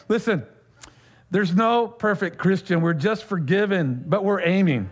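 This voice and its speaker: A man preaching a sermon as pastor, talking conversationally with laughs, fillers and quick asides. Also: medium pitch, lively intonation.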